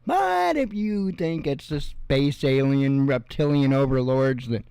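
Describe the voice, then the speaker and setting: Male news host: slow, rambling, sarcastic, smooth voice, dry close sound. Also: mid-range voice, animated, warm tone, dry recording. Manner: rambling and sarcastic, with mocking asides. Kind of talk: casual news commentary.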